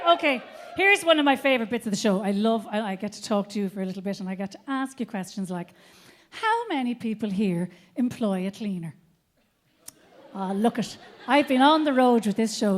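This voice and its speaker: A woman's voice: sits high, a bit bright, slight background noise. An Irish woman doing a live stand-up routine on a theatre stage, brash and profane, telling stories with lots of animation. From Ireland. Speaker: stand-up comedian.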